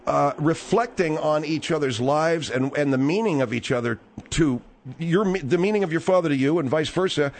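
A man hosting a call-in radio show, talking in a halting, placating way with many fillers. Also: a little high. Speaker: radio talk show host.

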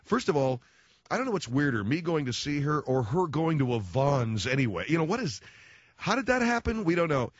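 A man's voice: sing-song, fairly quick, no echo. Sarcastic rambling male radio host. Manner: sarcastic, rambling, self-mocking, swings into high mocking tones. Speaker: radio talk show host. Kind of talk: comedic radio monologue. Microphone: studio microphone. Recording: dry, dull lo-fi radio studio.

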